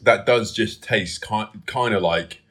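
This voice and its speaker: A man's voice: lowish voice, measured pace, a bit bright, breathy edge. A man co-hosting a beer review, easygoing and musing over flavours in casual chat.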